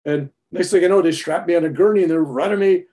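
A man in his seventies telling a personal story in a rambling, animated way, often restarting his sentences. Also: high-pitched, fast talker. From United States.

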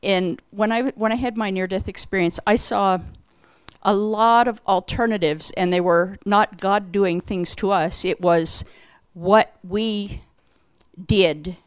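A woman's voice: mid-range voice, steady tone, a little slow, smooth, no echo. A woman in the audience asking a searching question, hesitant and restarting often.

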